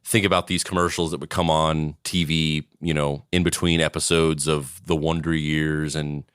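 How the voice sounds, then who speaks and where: Low-voiced male podcast co-host. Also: flat delivery, normal speed, a bit bright, clear, resonant tone, no room sound, studio quality. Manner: rambling, loose conversational delivery. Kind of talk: casual chat.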